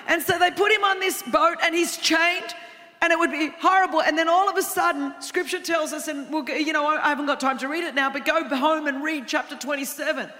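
A woman preaching a sermon, telling a story with humorous, animated asides. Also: high voice, fairly quick. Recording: long hall reverb.

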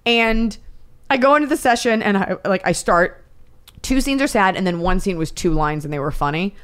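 A woman comedian chatting as a podcast guest, telling stories with animated, acted-out quotes. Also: medium pitch, normal speed, clean tone. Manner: animated storytelling, acts out quotes. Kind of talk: casual podcast chat.

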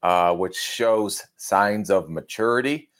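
A man's voice: deep voice, slow, a bit bright. A middle-aged man co-hosting a football podcast, easygoing and self-deprecating as he breaks down a player. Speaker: podcast co-host, football analyst. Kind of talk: casual podcast chat.

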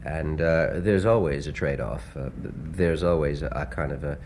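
A man, a composer being interviewed, speaking earnestly in a hesitant way with many pauses and restarts. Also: extremely low pitch, darkish tone, a little hiss or hum. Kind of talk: casual interview talk.

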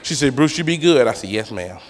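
A man's voice: medium pitch, a little fast, a little hiss or hum. A man performing a stand-up comedy set, telling stories and acting out voices on a club stage. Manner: animated storytelling, acting out voices. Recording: live club recording, long reverb, loud crowd.

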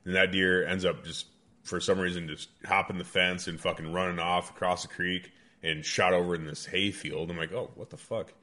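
A man's voice: deep voice, normal speed. A man casually telling a rambling hunting story with lots of swearing. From American Midwest. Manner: animated, heavy swearing, rambling. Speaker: guest hunter.

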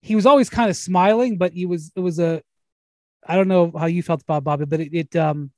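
Male host, high-pitched, loose rambling anecdotes, dry mic. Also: fairly quick, mellow, dry recording. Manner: rambling storyteller, frequent restarts and laughs. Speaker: podcast host. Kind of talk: casual sports chat.

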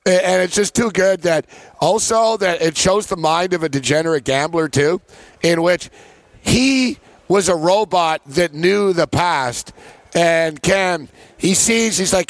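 A man's voice: high-pitched, measured pace, dry recording. A man hosting a sports betting talk show, telling stories in a rambling, casual way and laughing often. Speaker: sports betting podcast host. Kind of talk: casual chat.

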